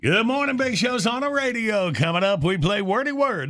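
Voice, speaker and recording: A man's voice: high-pitched, moderate pace, hardly any pauses. A man hosting a morning radio show, chatting and laughing easily. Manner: laughing, relaxed, lots of fillers.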